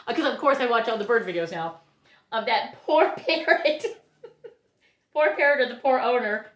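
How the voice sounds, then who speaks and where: A woman's voice: a little high, moderate pace, a bit bright, roomy sound. A woman from Ohio, chatting casually as she unboxes plants, gushing, laughing often and gasping with delight. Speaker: orchid grower and vlogger.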